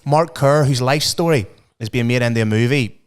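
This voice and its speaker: A man's voice: medium pitch, normal speed, clean tone. A man co-hosting a podcast, chatting enthusiastically and with swearing about mixed martial arts. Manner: enthusiastic, sweary, previewing fights. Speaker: podcast co-host. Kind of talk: casual chat about MMA.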